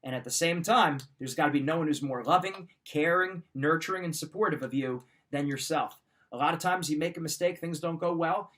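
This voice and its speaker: A man's voice: a little high, a bit bright. A middle-aged man coaching listeners in an emphatic, direct motivational talk. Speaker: wrestling mindset coach.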